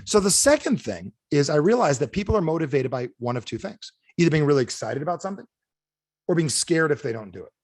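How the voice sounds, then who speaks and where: Animated man giving a sales pep talk. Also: on the high side, fast, dry recording, studio quality. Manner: animated, asks the audience repeated questions. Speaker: motivational speaker. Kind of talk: energetic sales training talk. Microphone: video call.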